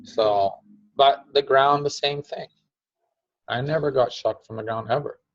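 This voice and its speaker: A man's voice: medium pitch, fairly even intonation, measured pace. A man teaching casually, chatty, laughing often and acting out quotes. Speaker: teacher of a device-building group. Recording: dull lo-fi sound.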